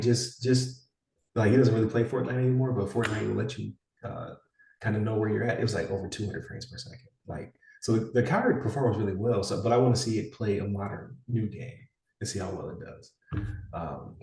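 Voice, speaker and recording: A man's voice: on the low side, moderate pace, creaky, darkish tone, far from the mic. A man in his forties, co-hosting a podcast in rambling casual chat with many fillers and restarts. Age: 40s. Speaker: podcast co-host. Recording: echoey room, somewhat off-mic.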